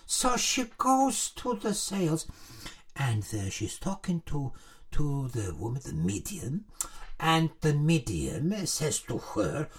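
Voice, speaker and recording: A middle-aged man and shopkeeper, rambling through a joke with halting digressions and chuckles. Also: a little high, huge pitch swings, slightly rough.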